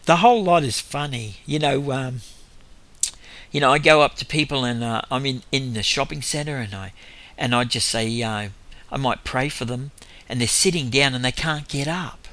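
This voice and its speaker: An Australian-accented man, a lay minister, rambles through faith stories in a storytelling testimony, chuckling in between and fixing his own words as he goes. His mid-range voice has vocal fry and a sharp tone, with no room sound.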